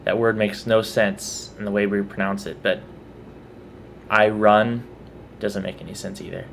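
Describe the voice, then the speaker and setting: A Texan vlogger with a Texan accent reads out a word list, casually commenting on how he says each word. His fairly low, creaky voice holds a steady tone and runs a little fast, with a little hiss or hum on the recording.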